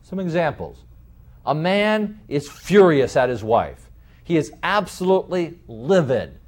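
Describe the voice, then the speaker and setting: Guy lecturing a class, kinda high voice, slows way down on the big words. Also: very animated, a little mellow. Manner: deliberate, slows down to stress key terms; uses vivid everyday examples.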